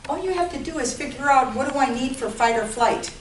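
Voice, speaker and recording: A woman's voice: high voice, animated, brisk. Woman lecturing a class from a distance. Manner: conversational, checks in with listeners often. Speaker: health educator. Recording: roomy, distant mic, faint noise.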